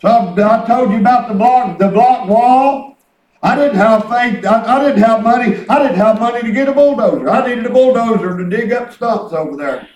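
A man's voice: very high voice, moderate pace, a little mellow. A man preaching a folksy sermon, telling rambling stories and breaking into calls of praise. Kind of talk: sermon with testimony. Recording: echoey room, distant mic.

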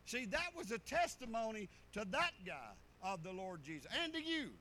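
A middle-aged pastor preaches in a high, bright voice, telling homespun stories in a folksy way. Faint noise sits under the recording. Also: male voice, very animated, normal speed, rough recording. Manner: folksy storytelling preaching with rural dialect. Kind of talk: sermon.

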